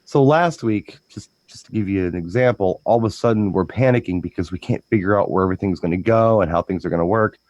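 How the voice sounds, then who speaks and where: Rambling, low-voiced man DJ chatting. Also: a little mellow, dry recording, dull audio. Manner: rambling storyteller, repeats words, breaks into quick impressions. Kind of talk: casual chat.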